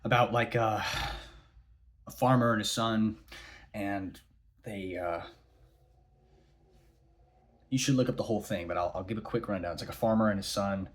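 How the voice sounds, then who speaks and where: A man talking casually to camera in a rambling way, retelling a parable with many restarts. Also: deep voice. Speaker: vlogger. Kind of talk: casual monologue.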